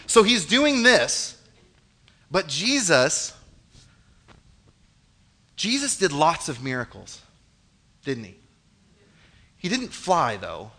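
A young man giving a casual sermon, reading scripture and acting out the scenes in an animated, joking way. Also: high-pitched, normal speed, long pauses. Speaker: preacher. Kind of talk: casual youth-style sermon with Bible reading.

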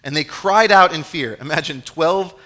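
A young man giving a casual sermon, reading scripture and acting out the scenes in an animated, joking way. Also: on the high side, normal speed, slight background noise. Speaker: preacher. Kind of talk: casual youth-style sermon with Bible reading.

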